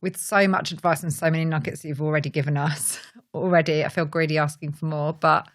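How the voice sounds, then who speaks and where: A woman's voice: sits low, flat delivery, brisk. A woman co-hosting a podcast, politely asking a closing question. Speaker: podcast co-host. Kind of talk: interview questions.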